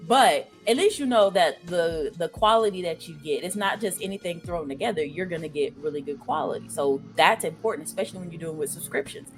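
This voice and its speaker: A woman's voice: fairly low pitch, fairly quick, few pauses, soft background music. A woman from the American South with a Southern accent tinged with Brooklyn, hosting a casual interview in a chatty, joking way. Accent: Southern American with some Brooklyn. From Southern United States. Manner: chatty, joking, animated asides. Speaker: podcast host.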